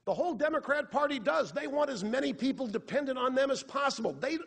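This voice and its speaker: A man giving a live political monologue on a theater stage, animated, sarcastic and rhetorical. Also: extremely high pitch, fast talker. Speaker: radio talk show host on stage. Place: theater stage before an audience. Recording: long reverb of a theater hall.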